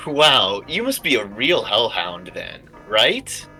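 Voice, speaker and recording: A man's voice: mid-range voice, big pitch swings, measured pace, bright, forceful tone, faint music behind, pitched above the performer's own voice, rough recording. A man voicing a friendly, awkward young female corgi puppy in a live story reading.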